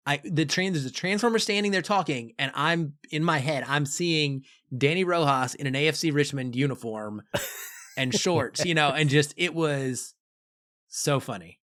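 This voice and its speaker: A man's voice: a little high, unhurried, fairly bright tone. A man co-hosting a film podcast, talking casually and enthusiastically. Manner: enthusiastic, conversational. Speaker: podcast co-host. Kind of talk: casual film review chat.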